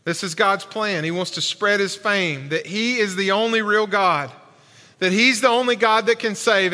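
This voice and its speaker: A man preaching in a large church sanctuary. He is emphatic and colloquial and keeps asking rhetorical questions. His voice is high and bright and rings through a long reverb. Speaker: pastor. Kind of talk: sermon.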